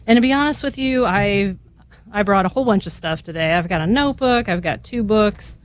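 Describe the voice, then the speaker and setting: A woman guest on a radio show, slowly and earnestly reading a long prayer aloud, her voice at times catching with emotion. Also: mid-range voice. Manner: slow, earnest recitation.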